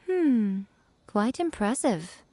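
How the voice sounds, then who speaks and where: Elegant, teasing priestess for a game, a little high. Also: female voice, very animated, takes it slowly, mellow, slight background noise. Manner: smooth, teasing, languid. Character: sly elegant shrine priestess, amused and teasing. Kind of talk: video game voice acting.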